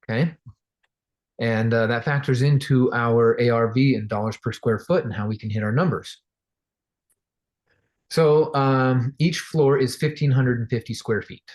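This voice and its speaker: A man tells a real estate story as a casual lesson, in a voice of ordinary, middle pitch. He keeps it loose and conversational, pausing on little fillers, and livens the story by mimicking the people in it. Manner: animated, acts out quoted voices. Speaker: real estate investing trainer.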